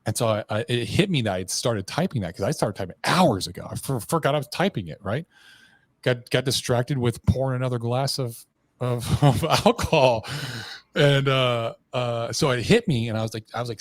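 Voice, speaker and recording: A man's voice: medium pitch, lively intonation, fairly quick, dry recording. A man guest on a podcast, candidly telling a personal story in a blunt, profane way, full of restarts and slang.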